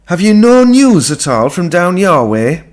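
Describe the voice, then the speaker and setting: A man's voice: high voice, big pitch swings, a little slow, pitched above the performer's own voice. A man putting on a steely, probing farm mother. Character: sharp-tongued Irish farm mother, guarded.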